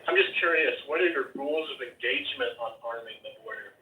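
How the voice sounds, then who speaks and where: A man's voice: medium pitch, fast talker, bright, forceful tone. A man asking blunt, pressing questions in a group voice chat. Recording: phone-like distant echoey call.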